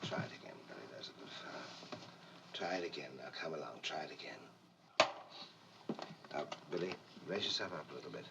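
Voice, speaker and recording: A man's voice: rumbling low, animated, a little fast, creaky, pauses often. A man working as a film director, coaxing children through their lines and calling out commands on set. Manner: coaxing and patient, then shouting commands. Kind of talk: coaching child actors on set. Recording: distant, muffled, hissy vintage film-set recording.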